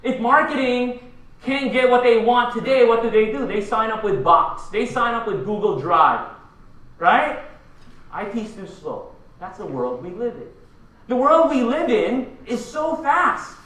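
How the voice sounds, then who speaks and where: A man's voice: very high voice, lively intonation, unhurried, a bit bright, recorded from a distance. A man from the Philippines giving a punchy conference keynote, firing rhetorical questions at the audience. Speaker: keynote speaker. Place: large conference hall. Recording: echoey hall, voice from afar.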